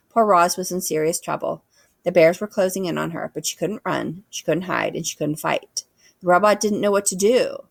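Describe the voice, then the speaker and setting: A woman reading a children's book aloud with expressive storytelling. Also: lowish voice, normal speed, creaky, dry recording. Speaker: reader.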